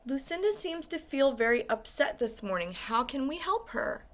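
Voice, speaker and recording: A woman reading aloud the lines of a calm, soothing female teacher in a children's storybook. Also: sits high, normal speed, pitched above the performer's own voice. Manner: soothing, gentle.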